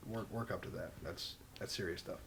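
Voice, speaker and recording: A man's voice: low-pitched, fairly quick, creaky, a bit bright, a little hiss or hum. A man co-hosting a podcast in casual chat, laid-back and jokey, often saying "man" and laughing. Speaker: podcast co-host.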